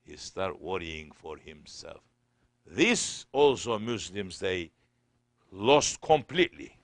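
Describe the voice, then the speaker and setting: Slow, low-voiced sheikh giving a sermon. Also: male voice, big pitch swings, dry recording. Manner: storytelling, simple non-native English.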